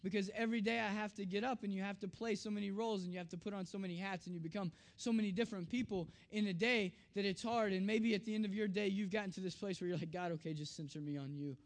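A man preaching in a storytelling style, acting out family dialogue with animated voices and dropping soft and low on tender, reflective lines. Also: fast, few pauses. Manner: animated, acts out his daughter's lines in a raised voice. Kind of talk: storytelling sermon.

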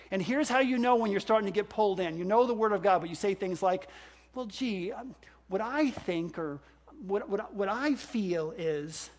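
High-voiced older man preaching a sermon. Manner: animated, acts out exclamations and quoted voices. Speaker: pastor.

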